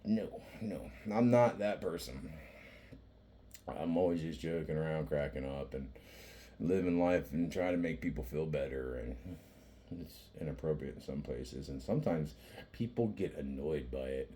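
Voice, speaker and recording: A man's voice: extremely low pitch, normal speed, mellow, a little hiss or hum. A man talking in a casual, rambling monologue, joking and cursing a lot and often laughing as he goes. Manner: rambling with frequent restarts and fillers. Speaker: vlogger.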